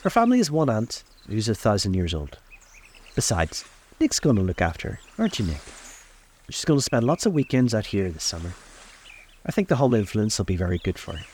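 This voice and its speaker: A man's voice: lowish voice, very animated, brisk, a little mellow, slightly rough. A man voicing a brittle, airy young socialite woman in a theatrical, scornful way. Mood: teasing. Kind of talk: audiobook reading.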